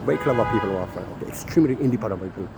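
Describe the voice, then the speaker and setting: A man from the Horn of Africa, giving a rambling ranting monologue that keeps repeating "my friend" and swings between loud and soft. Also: on the low side, lively intonation, very fast, creaky, heavy background noise.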